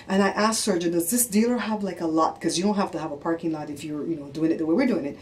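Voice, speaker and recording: A woman vlogger in middle age, speaking in a fairly low register. She tells a story casually and with exasperation, jumping into what others said. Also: fast, few pauses. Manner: animated, exasperated, acts out quotes.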